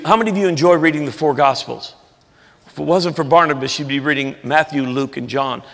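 A man pastor preaching a sermon in a church, earnest and emphatic, sometimes dropping soft. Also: medium pitch, gravelly. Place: large church sanctuary. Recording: echoey church hall.

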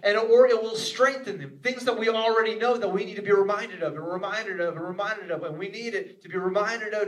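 A man's voice: high voice, moderate pace, hardly any pauses, a bit bright. A man preaching a sermon as pastor, earnest and repetitive, acting out the inner voices of his listeners. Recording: echoey room, voice from a distance.

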